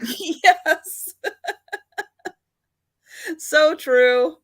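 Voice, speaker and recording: Slow-talking woman hosting a live sale. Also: high voice, no room sound. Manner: easygoing, laughs often, runs the auction countdown. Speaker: host of a live vintage sale. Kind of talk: casual chat.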